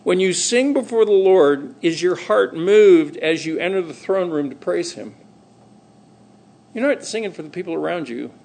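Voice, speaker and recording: A middle-aged man delivering a sermon with a fairly high voice for a man. He preaches in a lively, conversational way and slips into acted-out voices for quoted conversations. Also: normal speed, gravelly. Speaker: pastor.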